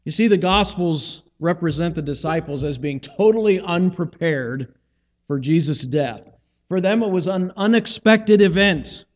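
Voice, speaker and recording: A pastor with a somewhat high voice delivers a conversational sermon at an unhurried pace, acting out the biblical dialogue as he retells it. The sound is that of a large hall, with the highs cut off.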